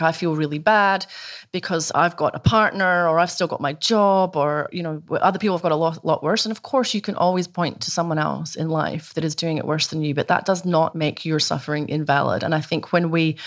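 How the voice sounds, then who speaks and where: A woman talking earnestly and emotionally in a conversational interview, with frequent restarts. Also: sits low. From Australia.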